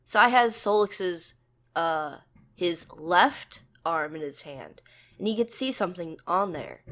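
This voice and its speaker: A woman reading a second-person fanfic as narrator in a plain, even storytelling manner. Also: on the low side, slow.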